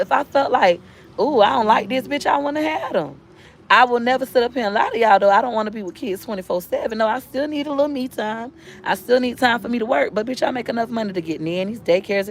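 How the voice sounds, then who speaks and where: A woman and mother giving a blunt, profane parenting rant to her followers, rising to near-shouts for emphasis. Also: on the high side, a little hiss or hum. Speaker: mother and online seller. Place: inside a car.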